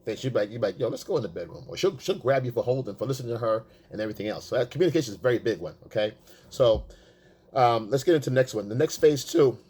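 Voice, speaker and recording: A man giving casual, profane dating advice, emphatic and blunt, acting out quotes in a high voice. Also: a little mellow, husky. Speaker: dating coach. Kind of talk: casual coaching monologue.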